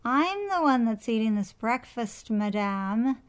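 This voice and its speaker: Woman putting on a little girl, impudent, sulky, sassy back-talk, higher pitch, storybook reading. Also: normal speed, a little mellow, lightly acted. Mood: defiant.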